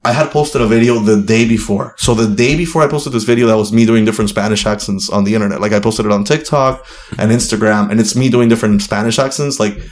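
A man's voice: fairly low pitch, steady tone, fast. A young man from Miami, a guest comedian, telling a story in a rambling, profane way full of fillers. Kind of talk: casual podcast storytelling. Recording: roomy echo.

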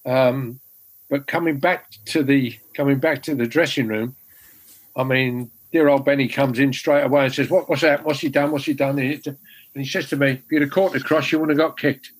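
A man's voice: medium pitch, fairly even intonation, normal speed, rough recording. An older man, a former goalkeeper telling rambling, self-deprecating stories with many restarts. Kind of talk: casual anecdote telling.

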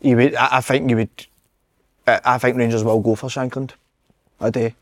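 A man's voice: medium pitch, flat delivery, moderate pace. A Scottish man co-hosting a casual football podcast, talking emphatically, swearing and repeating himself for stress. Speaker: podcast co-host.

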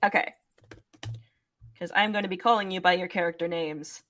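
A woman running a tabletop game as game master, narrating slowly with hesitant fillers. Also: fairly low pitch, a bit bright.

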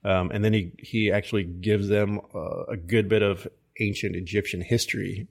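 A man co-hosting a podcast, recapping a movie in casual chat with a meandering, halting delivery full of ums and restarts. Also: on the low side, steady tone, gravelly. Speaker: podcast co-host.

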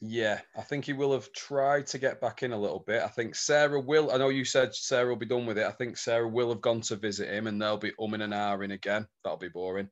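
A man's voice: on the low side, steady tone, quick pace, hardly any pauses, highs cut off. A man co-hosting a podcast, bantering bluntly and swearing casually. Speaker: podcast co-host.

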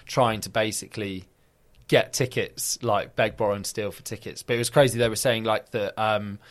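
Animated young man telling stories. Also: lowish voice, moderate pace. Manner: animated storyteller acting out quoted voices, filler-heavy. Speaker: guest, football video presenter. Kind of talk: casual interview chat.

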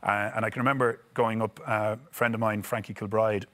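Animated Irish man telling stories. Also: fairly low pitch, fairly quick. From Ireland. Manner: animated, chuckling anecdotes. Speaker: guest, former footballer. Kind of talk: casual storytelling.

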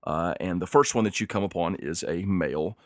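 A man narrating as game master of a tabletop game, describing scenes in a relaxed, rambling way. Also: low-pitched, fairly quick, no echo, studio quality. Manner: relaxed, rambling, laughs easily.

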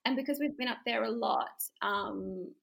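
Bubbly woman with gravelly edge. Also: on the high side, moderate pace, low-quality recording. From Australia. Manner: animated, acts out quotes with laughter. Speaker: interview guest. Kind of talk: casual storytelling.

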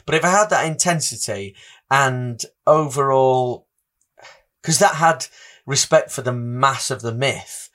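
A man's voice: mid-range voice, a little slow, a bit bright. Chatty man reviewing films. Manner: enthusiastic, rambling with restarts. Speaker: podcast co-host. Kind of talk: casual film review chat.

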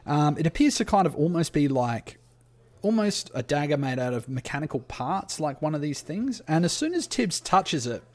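A man narrates a tabletop game as game master, calmly describing the scenes. His voice sits a little high for a man, and his delivery is easygoing and descriptive. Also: moderate pace. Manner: laid-back, descriptive.

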